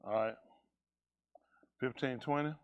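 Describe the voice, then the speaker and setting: A pastor, preaching loud and emphatic to his congregation. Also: medium pitch, dull audio. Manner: loud, emphatic, quick preaching with call-and-response. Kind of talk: preaching a sermon.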